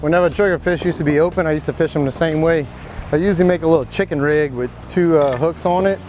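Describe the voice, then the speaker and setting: Man, fishing show host, slightly high voice, casual and joking, on a boat, music underneath. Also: quick pace, poor audio. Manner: easygoing, instructive, joking. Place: outdoors on a boat on the Gulf. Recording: background music over the voice.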